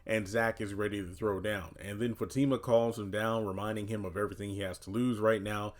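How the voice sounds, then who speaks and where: A man's voice: fairly low pitch, brisk. A man giving casual commentary on a TV episode, talking loosely with lots of "you know" and "uh". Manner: animated voicing of quoted characters. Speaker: TV recap commentator.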